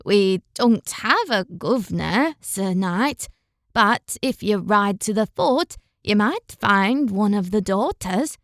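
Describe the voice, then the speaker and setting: Plain-spoken village boy, read by a woman, slow, unhurried delivery, fantasy audiobook. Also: mid-range voice, animated, no room sound, studio quality.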